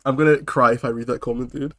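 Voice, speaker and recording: A man's voice: medium pitch, steady tone, quick pace, dry recording, clean studio sound. A man casually reacting on a live stream, swearing and scoffing in disbelief. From United Kingdom. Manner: incredulous, swearing, laughing mockery.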